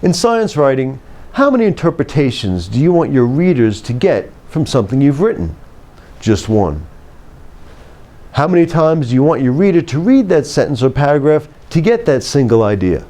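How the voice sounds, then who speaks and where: A man teaches writing in a scripted lecture. His voice is mellow and lowered in tone, but his pitch moves in a lively way. He stresses key words and lets each sentence settle with a falling close. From United States. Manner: measured, emphatic, drops pitch at phrase ends. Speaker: writing instructor.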